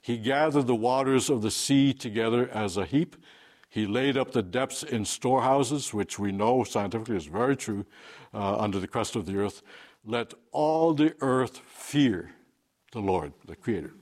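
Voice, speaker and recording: A man's voice: fairly low pitch, moderate pace, darkish tone. A man preaching an unscripted sermon, emphatic, with fillers and restarts.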